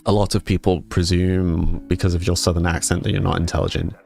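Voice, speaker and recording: A man's voice: deep voice, flat delivery, a little fast, vocal fry, darkish tone, soft background music. A man from Scotland, streaming and casually chatting, reading viewer comments aloud and answering with frequent laughs. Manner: reads viewer comments aloud and chats back, laughing often. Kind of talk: casual chat.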